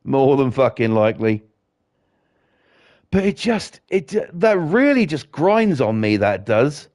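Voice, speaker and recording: A man's voice: medium pitch, big pitch swings, slow, a little mellow. A middle-aged man giving fired-up, rambling, profanity-heavy commentary while he streams a game. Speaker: gaming streamer. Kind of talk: ranting commentary while gaming.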